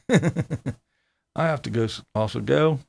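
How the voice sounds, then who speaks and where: A man's voice: mid-range voice, slow pace, vocal fry. A man hosting a casual livestream, reading viewer comments aloud in a laid-back way and chuckling often. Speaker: livestream host.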